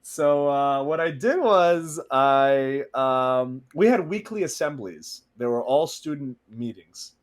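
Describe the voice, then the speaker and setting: A man casually telling a story on a stream, animated and laughing as he acts out what people said. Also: mid-range voice, takes it slowly, hardly any pauses.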